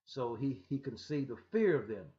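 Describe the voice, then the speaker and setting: A man's voice: mid-range voice, very animated, normal speed, mellow. A man teaching from scripture in a rambling, emphatic way, with frequent restarts and stammers, on a muffled lo-fi recording. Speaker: religious teacher.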